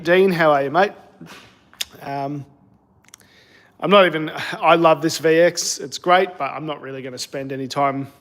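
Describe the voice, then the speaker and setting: An Australian man live streaming from his cold home shed on a phone, chatty and self-deprecating as he greets viewers. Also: on the high side. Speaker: car channel host. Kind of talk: casual live stream chat.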